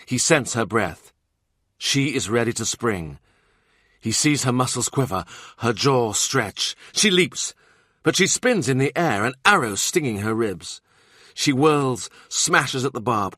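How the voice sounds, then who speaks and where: A man's voice: fairly low pitch, pushed and bright, no echo, clean studio sound. A man narrating a historical novel audiobook in a vivid, dramatic reading. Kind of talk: scripted narration.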